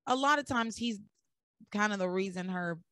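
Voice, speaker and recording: A woman hosting a podcast, recapping soap opera episodes in animated, sarcastic casual chat. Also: medium pitch, moderate pace, smooth, dry recording, clean studio sound. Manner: animated storytelling with sarcastic asides.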